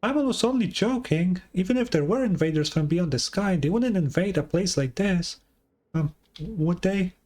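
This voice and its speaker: Guy doing a tiny hyper fairy-girl companion for a game dub, squeaky and way high, bouncing all over the place. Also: normal speed. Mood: chatty. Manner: squeaky, animated, talks about herself in third person. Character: tiny floating female companion, excitable and chatty. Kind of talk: fan dub of a game playthrough.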